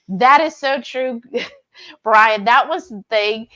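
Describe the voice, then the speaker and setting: Hosting a laid-back live-stream chat, a woman reads out viewer comments and shares stories, giggling often. Her voice is a little high and a bit bright, she speaks slowly, and the audio is rough.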